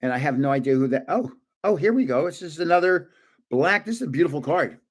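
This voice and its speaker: An older man casually opening trading cards on a live stream, chatty and excitable, guessing aloud and laughing often. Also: on the high side, quick pace. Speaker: card-opening vlogger.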